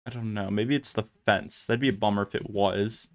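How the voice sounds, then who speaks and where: Man, gaming host, casual play-by-play commentary, chatty, thinks out loud, lots of ums and restarts. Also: on the low side, fairly even intonation, moderate pace. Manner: chatty, thinks aloud with frequent fillers and restarts.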